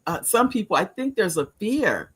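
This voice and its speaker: An older woman hosting a talk show, telling stories in animated casual chat and laughing often. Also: mid-range voice, moderate pace, husky.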